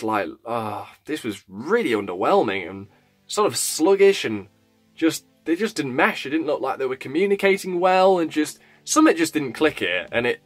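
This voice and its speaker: A man giving a casual, blunt wrestling review vlog, swearing freely and sounding animated. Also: a little high.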